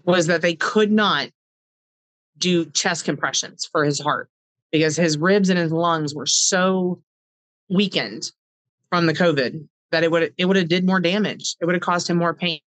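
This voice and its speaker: A woman's voice: lowish voice, unhurried, no room sound, low-quality recording. A middle-aged woman, a podcast guest, telling a personal story with heartfelt earnestness, acting out past conversations in quoted dialogue.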